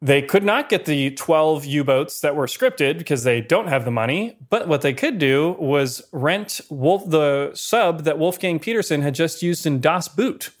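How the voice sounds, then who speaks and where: A man with a slightly higher voice co-hosts a casual podcast about old movies. He tells behind-the-scenes stories in a lively way, full of asides and small chuckles. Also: a little slow, hardly any pauses. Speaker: podcast co-host. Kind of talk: casual film-history chat.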